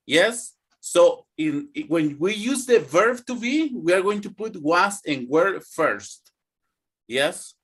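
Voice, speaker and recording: Male English teacher, young, higher voice, slow and animated drilling delivery. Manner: slow, drawn-out teaching with repeat-after-me drills. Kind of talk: online classroom lesson.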